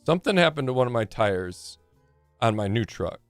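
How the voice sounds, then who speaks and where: A man's voice: medium pitch, sing-song, normal speed, no room sound, soft background music. A man in his forties chatting casually on a live game stream, rambling and joking with plenty of swearing.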